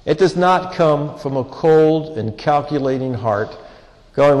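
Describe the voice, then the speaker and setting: Guy preaching a sermon, slightly high voice, earnest and pleading, long echo like a church hall. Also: darkish tone. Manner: earnest, pleading emphasis with drawn-out pauses.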